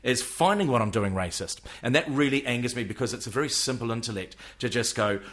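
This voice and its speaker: A middle-aged man talks on a podcast as a guest comedian. He argues passionately, stumbling and doubling words as he gets going, in a voice of ordinary pitch. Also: expressive, fast talker, fairly bright tone. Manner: passionate, repeats words when starting. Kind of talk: casual podcast conversation.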